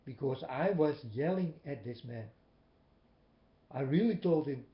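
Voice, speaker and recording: A man preaching a personal testimony in non-native English, emphatic, swinging between loud and soft. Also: a little high, lively intonation, unhurried, pauses often. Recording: echoey, dull lo-fi recording.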